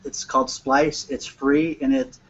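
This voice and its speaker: A man's voice: medium pitch, little pitch movement, a little slow. A man in a group discussion, enthusiastically recommending things to another member. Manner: enthusiastic, gives friendly tips. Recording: dull lo-fi sound.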